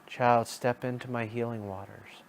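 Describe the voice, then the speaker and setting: A man voicing a gentle, loving, motherly earth goddess who softly beckons the listener, speaking evenly without much rise and fall. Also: medium pitch, fairly even intonation, normal speed, gravelly, slight background noise, lightly acted. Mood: tender. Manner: soft, tender, beckoning.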